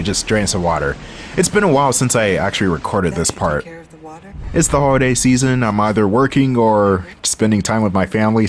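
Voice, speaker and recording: A young man with a lowish voice chats casually over his gameplay, dry and wry, talking to viewers as he goes. A faint hiss of background noise sits under the recording. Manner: laid-back, wry, talks to the viewer while playing. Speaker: gaming channel host. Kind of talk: casual let's-play commentary.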